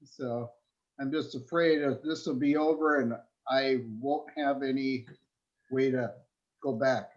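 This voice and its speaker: A man taking part in an online workshop, speaking hesitantly over a video call and halting with many fillers. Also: medium pitch, fairly even intonation. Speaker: workshop participant. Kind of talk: asking a question on a video call. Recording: dull lo-fi call audio.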